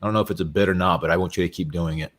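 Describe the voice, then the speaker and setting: A man with a low voice trades jokes with friends on a live show. He laughs often and teases the others in loose, casual banter. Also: fairly even intonation, very fast, a bit bright. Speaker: co-host.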